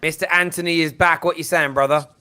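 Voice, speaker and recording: A high-voiced man hosts a casual football chat show. He talks very fast and argues through the banter. His voice has a bright, sharp edge. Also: smooth, faint music behind. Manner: fast, animated and argumentative, with banter. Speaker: show host.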